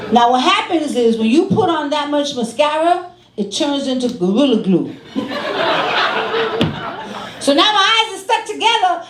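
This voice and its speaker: Brassy high-voiced New York woman comic. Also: very noisy. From Brooklyn, New York. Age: 50s. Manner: brassy, animated, sassy street-talk delivery. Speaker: stand-up comedian. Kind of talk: stand-up comedy set. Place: comedy club stage with a live audience. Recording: echoey club room with crowd laughter.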